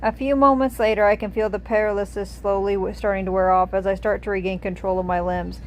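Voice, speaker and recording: A woman reads a fantasy text adventure aloud, narrating in the first person. Her voice is mid-pitched and steady, with a clear, even delivery. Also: fast, slight background noise, poor audio.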